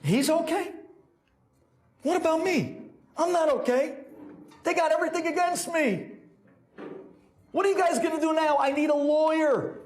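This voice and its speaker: A frantic businessman facing trial, pleading and exasperated as a storyteller acts him out. His voice runs high and jumps all over the place. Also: very animated, moderate pace, darkish tone.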